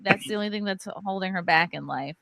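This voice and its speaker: A woman's voice: medium pitch, fast, gravelly, crowd noise. A woman co-hosting a livestream in casual chat, joking and teasing. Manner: joking, teasing, laughs often. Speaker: livestream co-host.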